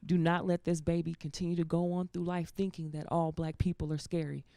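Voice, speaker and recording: A woman voicing her stern, solemn old grandmother, speaking low and hushed in a stand-up bit, with an audience heard around her. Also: level tone, brisk, no echo, studio quality, close to an everyday voice. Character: stern, soft-spoken old grandmother giving a lesson.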